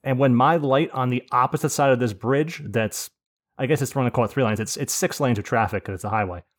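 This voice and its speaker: A man's voice: mid-range voice, quick pace. A man hosting a podcast in casual chat, telling rambling stories with swearing and laughs. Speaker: podcast host.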